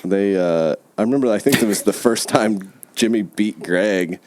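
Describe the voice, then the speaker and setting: Laid-back low-voiced man telling stories. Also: moderate pace, background noise. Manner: laid-back storyteller, laughs often, says "dude" and "man". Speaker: podcast guest. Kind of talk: casual chat.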